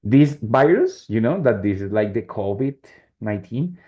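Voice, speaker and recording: Brief: male English teacher, native Spanish speaker, warm mellow tone, dull lo-fi call audio, keeps asking "right?". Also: fairly low pitch, animated, moderate pace. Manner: switches between English and Spanish, asks checking questions often. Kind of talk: online class explanation.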